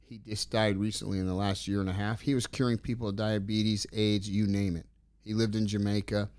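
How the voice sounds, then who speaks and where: A middle-aged man telling stories in a casual interview, rambling and animated as he acts out the dialogue. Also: lowish voice, a little fast, clean tone, dry recording. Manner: rambling, animated storyteller acting out quoted dialogue. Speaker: interview guest.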